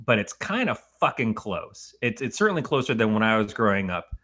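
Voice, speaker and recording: A middle-aged man co-hosting a horror movie podcast in casual chat, animated and profane, rambling through his points. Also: fairly low pitch, fairly quick. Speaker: podcast co-host.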